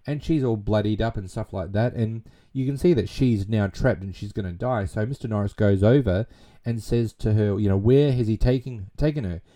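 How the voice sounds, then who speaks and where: A man's voice: lowish voice, normal speed, dark tone. A man casually retelling a movie plot and reviewing it, rambling with plenty of fillers and restarts.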